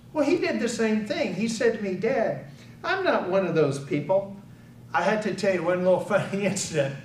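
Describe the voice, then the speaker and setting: An older man giving a public speech at an awareness event, telling a personal story and acting out the quoted dialogue with emphasis. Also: high voice. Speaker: invited speaker at an awareness event. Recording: echoey hall, picked up from far off, faint background noise.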